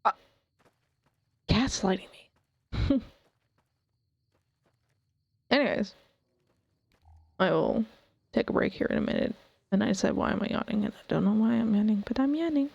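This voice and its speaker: Woman streamer, chatty self-talk over gameplay, flat dead mic with muffled tone. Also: mid-range voice, measured pace, vocal fry, pauses often, husky, dry recording. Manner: chatty, talks to herself while playing. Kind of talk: casual gameplay commentary. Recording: dull dry stream mic.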